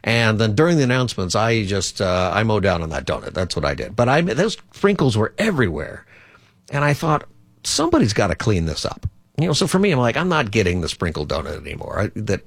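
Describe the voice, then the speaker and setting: A man's voice: fairly low pitch, no echo. A man hosting a call-in radio talk show as a pastor, speaking in a chatty, rambling, conversational way.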